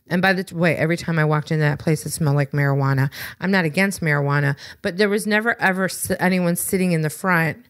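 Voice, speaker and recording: A woman co-hosting a podcast, telling a story in a casual, animated, wry way and acting out both sides of conversations. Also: sits low, fast talker, few pauses, no echo, clean studio sound. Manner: exasperated, wry. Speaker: podcast co-host.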